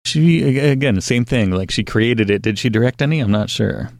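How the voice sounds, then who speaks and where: A man talks through his thoughts on a podcast, pausing often and filling the gaps with ums. His pitch moves around a lot. He is recorded close and dry. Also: lively intonation, vocal fry, no room sound. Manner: hesitant, many ums. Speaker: podcast co-host. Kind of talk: casual chat.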